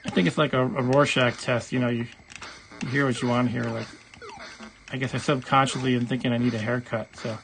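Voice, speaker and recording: Gravelly-voiced man hosting a game stream. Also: medium pitch, level tone, fairly quick, music in the background. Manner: rambling, self-deprecating, jokey. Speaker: livestream host. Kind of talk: casual game livestream chat.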